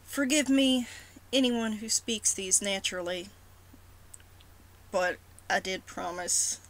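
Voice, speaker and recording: A woman's voice: medium pitch, slow, rough recording. A woman with a sore throat talking casually to her followers in a rambling, self-deprecating way. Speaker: roleplay blogger. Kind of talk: casual vlog talk.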